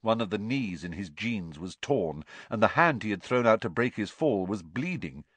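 A man reading a story aloud, in an expressive audiobook narration. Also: on the low side, moderate pace, slightly rough, no room sound.

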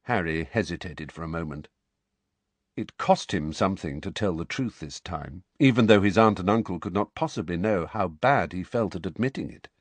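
A man narrating an audiobook in an expressive storytelling manner with a husky voice. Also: sits low, moderate pace, no room sound.

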